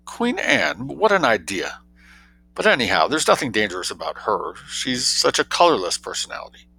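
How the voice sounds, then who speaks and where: A man's voice: medium pitch, sing-song, moderate pace, vocal fry, bright, forceful tone, slightly rough, pitched above the performer's own voice, heavily acted. A man voicing an eager, easily alarmed young lady. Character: excitable young society woman, chatty, easily alarmed. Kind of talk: audiobook character reading.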